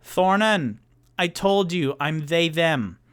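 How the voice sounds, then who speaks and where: A man voicing a soft-spoken nonbinary tavern bartender who answers hesitantly but helpfully. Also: a little high, expressive, slow pace, smooth, pitched above the performer's own voice.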